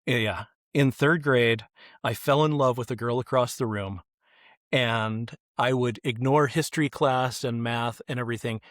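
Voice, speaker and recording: A middle-aged man on a podcast, telling stories in an animated way and acting out the voices of the people in them. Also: medium pitch, measured pace, no echo, studio quality. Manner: animated, acts out quoted voices. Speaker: kids ministry guest. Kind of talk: podcast interview storytelling.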